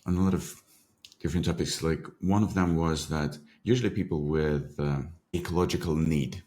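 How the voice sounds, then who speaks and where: A man's voice: a bass voice, moderate pace, dark tone. A man hosting a podcast, asking thoughtful, long-winded questions. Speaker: podcast host. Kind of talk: interview questions.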